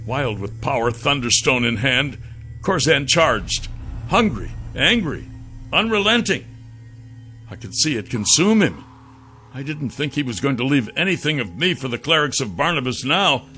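A man narrating a first-person fantasy audiobook with a dramatic, expressive reading. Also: medium pitch, moderate pace, faint music behind.

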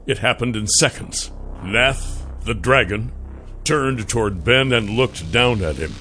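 A man narrating a fantasy audiobook in a measured, expressive storytelling manner. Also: mid-range voice, soft background music.

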